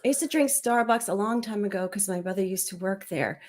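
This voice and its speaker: A woman's voice: medium pitch, fairly quick. A middle-aged woman chatting as a guest on a livestream, rambling casually with laughs and fillers.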